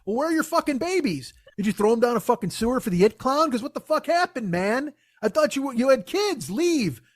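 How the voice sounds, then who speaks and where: A man's voice: very high voice, sing-song, a little fast, no echo, studio quality. A man hosting a comedy podcast, ranting in a profane, sarcastic, mocking way. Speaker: podcast host.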